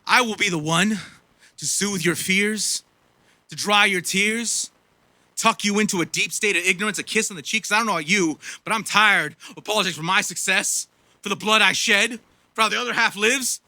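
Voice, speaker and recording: A man's voice: high-pitched, moderate pace, no echo, voice pushed up, full character voice. A man performing a boastful, greedy billionaire tycoon in a satirical spoken word poem, pompous and ranting. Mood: smug. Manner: pompous, ranting, building to shouts.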